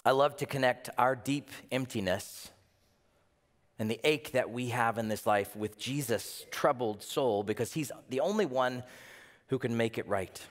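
Male pastor, mid-range voice, animated sermon delivery with rhetorical questions, long hall reverb. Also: mid-range voice, a little slow. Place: church.

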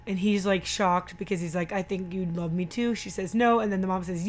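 A woman in easy, casual conversation, walking through a film scene by scene. She talks at a mid pitch and slips into quoting the characters as she goes. The tone is relaxed and unscripted. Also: a little fast, hardly any pauses. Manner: chatty, retells scenes with quoted lines. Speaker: movie commentator. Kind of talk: casual movie recap chat.

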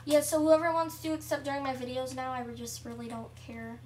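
Excitable high-voiced young gamer girl. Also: brisk, few pauses, far from the mic, slight background noise. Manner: excitable, chatty, shrieks at game events. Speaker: gameplay vlogger. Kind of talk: casual gameplay commentary.

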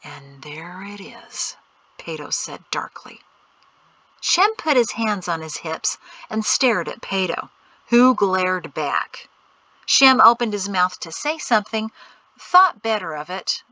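A woman reading an audiobook in measured, clear storytelling. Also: mid-range voice, animated, bright, forceful tone, dry recording, low-quality recording. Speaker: audiobook narrator. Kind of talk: scripted audiobook narration.

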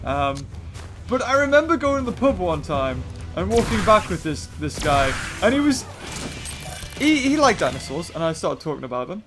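A man's voice: high voice, sing-song, moderate pace, music in the background. A young man chatting casually and rambling with self-mocking humor while commentating on a game he is playing. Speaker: gaming channel host.

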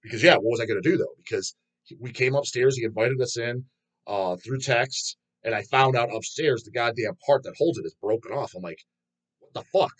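A man's voice: mid-range voice, fairly quick. A man hosting his own channel, reading viewer comments aloud and answering them in a rambling, profane way, laughing often. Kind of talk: casual chat.

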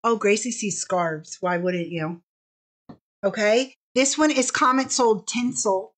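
A woman's voice: mid-range voice, slow pace. A woman hosting a casual live fabric sale stream, bubbly and chatty, stretching out each product name as she shows it.

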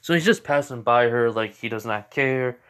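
A man's voice: mid-range voice, moderate pace, fairly bright tone, clear, resonant tone. A young man tells a fan story off the cuff, rambling and correcting himself with plenty of fillers. His delivery is loose and informal, like talking to viewers at home. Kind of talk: casual fan-fiction storytelling.

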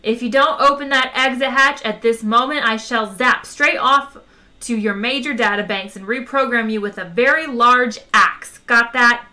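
A brash space captain loses patience and snaps his demands, as a woman reader plays him. His delivery is bright and forceful. It is an audiobook character voice. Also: a little high, normal speed, pitched above the performer's own voice. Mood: fed up. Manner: impatient and brash. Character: brash, impatient two-headed male captain.

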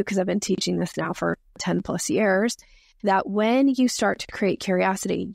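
Gravelly-voiced woman explaining sales. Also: medium pitch, darkish tone, dry recording, studio quality. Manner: explains with acted-out example dialogues. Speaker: sales expert guest. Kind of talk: podcast interview.

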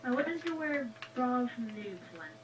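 A woman's voice: high voice, animated, slow, noisy background. A woman taking part in a casual game role-play, speaking in a dry, matter-of-fact, teasing way.

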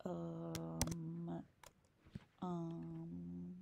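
An American woman teaching a French lesson in a chatty, upbeat way, spelling out words and drilling them slowly. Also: fairly low pitch, completely flat delivery, creaky, background noise. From United States. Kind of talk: recorded classroom lesson.

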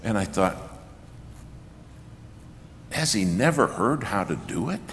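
A man preaching a sermon in a church, telling a story with lively acted-out quotes that build to loud, raised passages. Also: on the low side, takes it slowly, gravelly, slight background noise. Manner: animated storyteller acting out quotes, rising to shouts. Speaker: guest preacher. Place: church sanctuary. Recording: reverberant church hall, faint ambience.

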